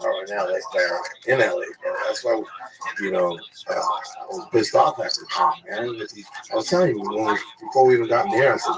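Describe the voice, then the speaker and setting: A man, a comedian, chatting casually and agreeably and repeating words as he starts his thoughts, recorded on a distant mic with loud noise behind. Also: fairly low pitch, a little fast, over a noisy crowd. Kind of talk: casual chat.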